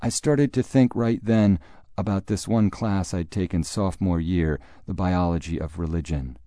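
A man's voice: deep voice, normal speed, warm tone, no room sound. A man narrating a story in a dry, wry manner. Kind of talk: audiobook narration.

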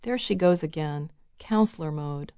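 Woman reading as a gruff, barking older father. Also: deep voice, moderate pace, dark tone, dry recording, clean studio sound. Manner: barking, sardonic.

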